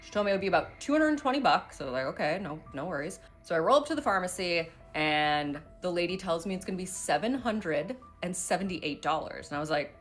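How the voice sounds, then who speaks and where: A woman telling a casual story in an animated way, acting out the voices she quotes. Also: lowish voice, fast talker, hardly any pauses, faint music behind. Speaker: social media storyteller.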